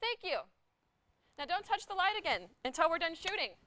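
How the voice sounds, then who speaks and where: A woman's voice: very high voice, expressive, fairly quick, bright, forceful tone, a little hiss or hum, exaggerated voice. A woman playing a cheery cooking show host who grows frazzled and snaps at her crew. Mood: exasperated. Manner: cheery then exasperated, scolding crew. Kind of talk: sketch comedy acting. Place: TV studio set.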